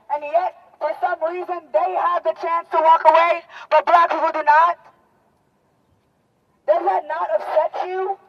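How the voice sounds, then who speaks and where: Young woman w a really high voice firing up a street protest, dull lo-fi sound. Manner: fervent, rousing, emotional. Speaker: protest speaker. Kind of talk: impassioned protest speech. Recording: dull lo-fi outdoor recording.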